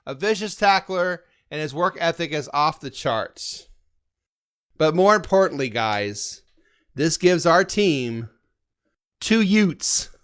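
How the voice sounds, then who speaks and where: Brief: a joking, rambling man hosting a fan podcast, a bit higher pitched. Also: expressive, takes it slowly, fairly bright tone, clear, resonant tone. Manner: jokey, rambling, with frequent laughs. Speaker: podcast host. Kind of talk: casual sports podcast chat.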